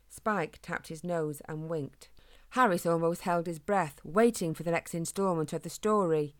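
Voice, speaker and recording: A woman reading a children's storybook in a gentle, expressive way. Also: lowish voice, moderate pace.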